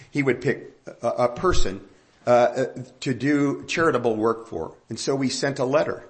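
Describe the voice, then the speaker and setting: An older man preaching a sermon, telling stories and asking emphatic questions. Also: a little high. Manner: animated storytelling, rising emphatic questions.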